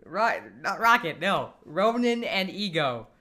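A man's voice: high voice, big pitch swings, a little slow, pushed and bright. A man co-hosting a casual podcast, complaining about a film, laughing often and tripping over his words. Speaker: podcast co-host. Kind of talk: casual chat, film review.

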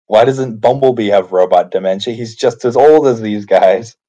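Low mellow guy chatting about a movie, relaxed, tosses in trivia. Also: normal speed, highs cut off. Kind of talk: casual movie discussion.

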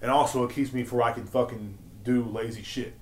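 A man's voice: mid-range voice, steady tone, brisk. A young man hosting a podcast, ranting in a rambling, profane storytelling way, laughing often and acting out quotes. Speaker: podcast host. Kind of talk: casual solo rant. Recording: echoey room.

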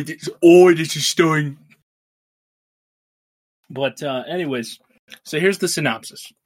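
A man's voice: mid-range voice, breathy edge. A man co-hosting a review podcast, chatting casually and laughing often. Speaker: podcast co-host. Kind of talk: casual chat.

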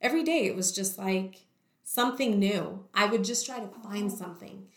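A woman's voice: medium pitch, moderate pace. A woman telling her own story in conversation, candidly, with many "like" fillers. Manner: candid, heavy use of "like" fillers. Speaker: guest sharing her story. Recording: echoey room.

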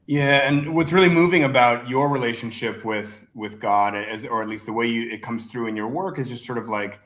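A man's voice: medium pitch, normal speed, fairly bright tone. A man interviewing an author, reflective and searching for his words. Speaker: interviewer, fellow writer. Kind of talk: thoughtful interview questions.

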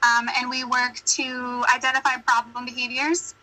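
A young American woman chatting as a podcast guest, telling stories quickly and laughing often. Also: sits high, level tone, bright, forceful tone, poor audio. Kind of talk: casual chat.

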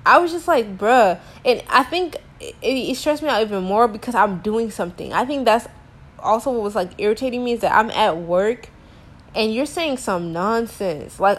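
A young woman who works as a teacher rants casually to camera about a frustrating experience, exasperated, slangy, and full of filler words. She has a medium-pitched voice and speaks at normal speed.

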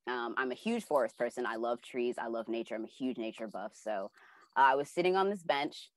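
Very low-voiced young woman telling a story. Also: fairly quick, no echo. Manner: animated, acts out her own past reactions with many fillers. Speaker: class participant sharing a dream. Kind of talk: casual personal storytelling.

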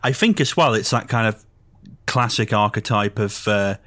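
A man chatting casually about films, agreeable and measured. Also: lowish voice, fairly bright tone. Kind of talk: casual film chat.

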